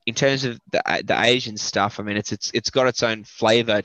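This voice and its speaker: Aussie metal singer guy rambling thru an interview, bright sharp tone, dead dry sound. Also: medium pitch, fairly even intonation, normal speed, no echo. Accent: Australian. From Australia. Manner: rambling, filler-heavy, thinks aloud. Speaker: metal vocalist, interview guest. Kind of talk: casual interview chat. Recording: dull lo-fi dry audio.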